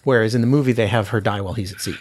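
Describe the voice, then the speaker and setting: Casual podcast host, male, slightly husky, dry booth sound, chatty with lots of restarts. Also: lowish voice, racing, no echo. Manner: chatty, frequent fillers and restarts, laughs often. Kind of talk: casual film discussion.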